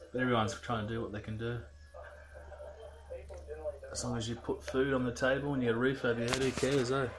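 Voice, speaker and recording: A man's voice: medium pitch, background noise. An Australian man rambling casually through a video diary in a laid-back, slangy way. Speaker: vlogger.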